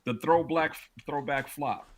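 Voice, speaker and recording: A man's voice: fairly high pitch, measured pace. A man co-hosting a fan podcast, arguing calls and complaining in casual chat. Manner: argumentative, complaining. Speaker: podcast co-host. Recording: crowd noise behind.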